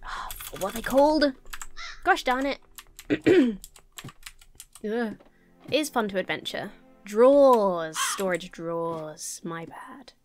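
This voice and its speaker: A woman's voice: a little high, animated, takes it slowly, long pauses, darkish tone, soft background music. A woman with a stuffy, nasal voice, chatting to herself as she plays a building and farming game. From England. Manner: chatty, talks to herself while sorting items. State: nasal from a cold. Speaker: Minecraft let's player. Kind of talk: casual gameplay commentary.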